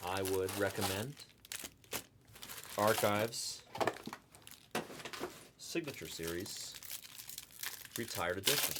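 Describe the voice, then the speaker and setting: A man hosting a live card break stream, chatting loosely with viewers in the chat and pitching spots. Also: expressive, takes it slowly, pauses often, very noisy. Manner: rambling, chatty, talks to the chat by name.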